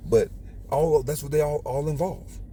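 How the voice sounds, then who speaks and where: A man's voice: on the high side, normal speed, mellow, a little hiss or hum. A man hosting his own channel, lecturing viewers in a preachy, repetitive monologue. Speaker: channel host.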